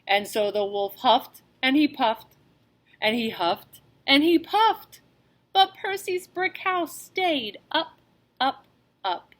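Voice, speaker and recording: A woman reading a children's storybook aloud in an expressive, animated way, as a teacher. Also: high voice, slow pace.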